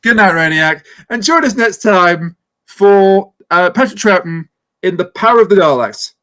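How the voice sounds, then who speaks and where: A man with a notably high, sharp voice hosts a casual podcast chat at a moderate pace. Animated and rambling, he trips over his own words and slips in dry jokes.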